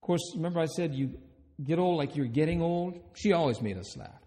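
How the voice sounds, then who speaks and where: A hospice chaplain and minister gives a conference talk in a slightly high, animated, brisk and mellow voice, telling humorous stories and questioning the audience. The conference hall gives the recording a long reverb.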